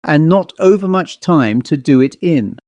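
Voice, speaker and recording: A man voicing an old-fashioned country rector who speaks crisply and a little impatiently. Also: fairly high pitch, expressive, a little slow, a little mellow, no echo, muffled recording, pitched above the performer's own voice. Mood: brisk. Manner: crisp, clipped and somewhat impatient. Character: brisk, fussy male country rector.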